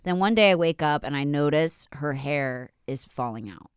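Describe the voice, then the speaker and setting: A woman's voice: deep voice, lively intonation, normal speed, smooth, dry recording, studio quality. A woman co-hosting a podcast, telling a story in a chatty way and swearing freely. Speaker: podcast co-host. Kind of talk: casual podcast chat.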